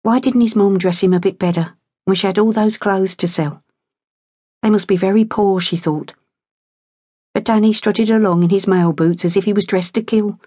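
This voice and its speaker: A woman narrating an audiobook in a steady, measured storytelling voice, close to a studio mic. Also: mid-range voice, no echo. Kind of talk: scripted narration.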